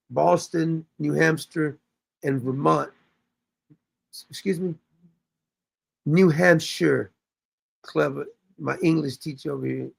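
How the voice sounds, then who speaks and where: A man's voice: on the high side, gravelly, breathy edge, dry recording. A man hosting a casual livestream chat, rambling loosely and laughing often. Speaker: show host.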